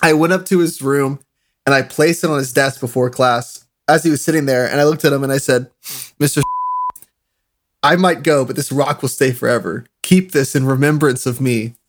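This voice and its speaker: A young man telling animated stories in a casual chat, laughing often. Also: mid-range voice, normal speed, slight background noise. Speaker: podcast co-host.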